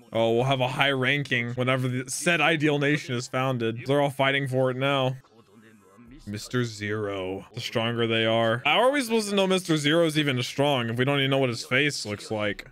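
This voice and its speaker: A man hosting an anime reaction, talking casually to the screen, laughing often and shouting with excitement. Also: medium pitch.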